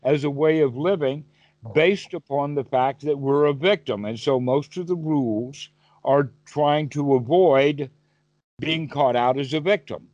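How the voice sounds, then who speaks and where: A man's voice: on the high side, a little slow, a little mellow, no echo, highs cut off. A man teaching meditation over a call, asking his listener questions and giving vivid everyday examples. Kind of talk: Dhamma talk on a call.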